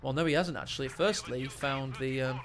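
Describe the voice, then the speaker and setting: A man casting a video game match, joking and rambling and breaking into sudden excited shouts. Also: medium pitch, brisk. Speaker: game caster.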